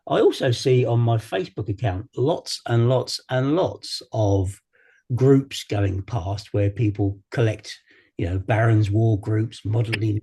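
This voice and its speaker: A man's voice: medium pitch, dark tone, breathy edge. A man co-hosting a podcast, answering questions in a meandering way with many fillers. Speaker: podcast co-host. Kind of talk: casual podcast chat.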